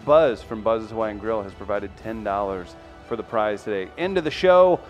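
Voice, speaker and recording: A man's voice: on the low side, expressive, normal speed, soft background music. A man hosting a comedy show segment, introducing topics in a rambling, playful way. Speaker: host.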